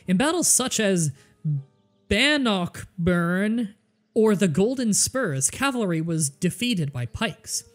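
Woman streamer, casual jokey commentary, swears a lot, soft game music under it. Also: mid-range voice. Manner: joking, swears freely, thinks aloud. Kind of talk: casual gameplay livestream commentary.

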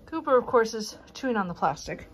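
A woman's voice: on the high side, sing-song, a little fast, a little hiss or hum. Chatty woman filming a home vlog. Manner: chatty, rambling, frequent fillers. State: out of breath. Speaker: vlogger. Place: home bedroom closet.

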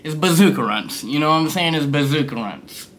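A young man vlogging at home, high and rambling in loose slang, laughing often. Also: animated, a little fast, fairly bright tone, slight background noise. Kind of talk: casual stoned review vlog. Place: his room.

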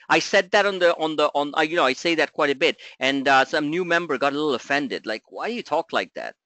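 Middle-aged male webinar host, bright lively voice, casual and joking, dry close mic. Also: no room sound. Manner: animated, joking, swings between loud asides and low mutters. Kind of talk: live market webinar talk.

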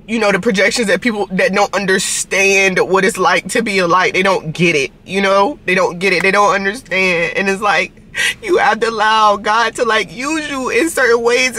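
With a high-sitting, sharp voice and slight background noise, a young woman from Norfolk, Virginia talks casually to camera for her vlog. She rambles earnestly through stories, playing out both sides of each conversation.

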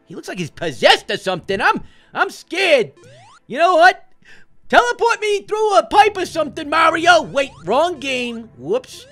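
A jumpy, wisecracking talking orange, voiced by a man for a cartoon let's-play. His pitch swings wildly from low mutters to high yelps, and faint music sits behind him. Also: heavily acted. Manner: jumpy, yelps and shouts when startled, jokey asides. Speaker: gaming host.

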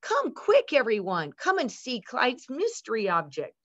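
A woman's voice: a little high, measured pace, pitched above the performer's own voice, exaggerated voice. A woman voicing a kind, enthusiastic woman schoolteacher who speaks encouragingly in a storybook reading. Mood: amazed. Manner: encouraging, animated. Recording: dull lo-fi recording.

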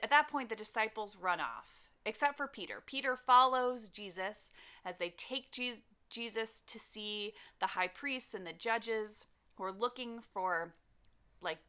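A woman's voice: a little high, bright, forceful tone, smooth. A young woman teaching a children's church lesson, telling the story animatedly and acting out the characters.

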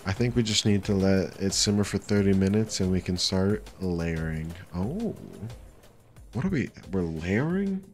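Young male streamer, very low voice, chatty self-talk, casual cursing, soft game music behind. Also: animated, a little slow. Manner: chatty, talks to himself, swears casually. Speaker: gaming streamer. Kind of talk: casual let's-play commentary. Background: faint game music.

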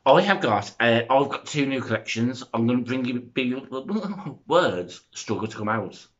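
A young man, chattering excitedly and rambling through a makeup review vlog, filmed on a front-facing phone camera. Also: medium pitch, measured pace, lo-fi sound. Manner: excitable, rambling, self-interrupting. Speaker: makeup vlogger.

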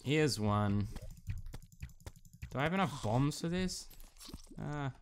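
A young man giving excitable gameplay commentary, reacting with frequent exclamations and mild cursing as a gaming YouTuber. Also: medium pitch, takes it slowly, slight background noise.

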